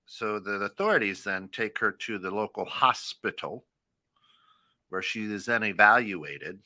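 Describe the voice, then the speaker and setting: An American man co-hosting a casual internet radio talk show, talking in halting bursts with many fillers and restarts, often laughing. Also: fairly low pitch, pushed and bright, no room sound. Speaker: co-host.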